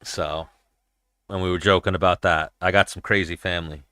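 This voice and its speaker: Blunt, bright-toned man hosting a chat. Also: sits low, steady tone, normal speed, no echo, clean studio sound. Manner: blunt, profane, rambling. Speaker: podcast host. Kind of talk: casual livestream chat while watching fights.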